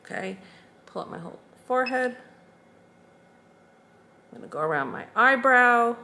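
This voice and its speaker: A woman teaching a skincare routine, calmly talking through each step as she demonstrates it. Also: fairly high pitch, moderate pace, a little hiss or hum. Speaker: skincare instructor.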